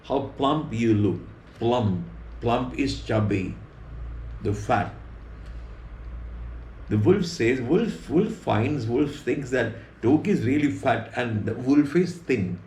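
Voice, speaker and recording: Slow, patient Sri Lankan teacher. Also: male voice, medium pitch, animated, a little mellow. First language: Sinhala. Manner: repeats and rephrases words patiently. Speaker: English teacher. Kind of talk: slow explanatory storytelling lesson. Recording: roomy echo, faint background hum.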